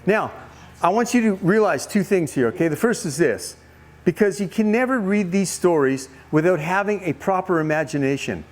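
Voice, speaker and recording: A man's voice: high voice, normal speed. A man giving a youth camp sermon, retelling a Bible story and questioning his listeners. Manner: animated storytelling, questions to the audience. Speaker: camp speaker.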